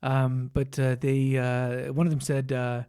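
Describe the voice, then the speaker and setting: A man's voice: medium pitch, completely flat delivery, measured pace, dark tone, smooth. A man hosting a casual podcast chat, rambling with many restarts and frequent laughs. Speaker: podcast host.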